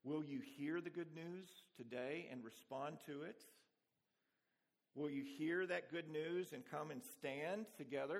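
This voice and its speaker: A man's voice: a little high, creaky. A man preaching a sermon, earnest and repeating key phrases for emphasis. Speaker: pastor. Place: church.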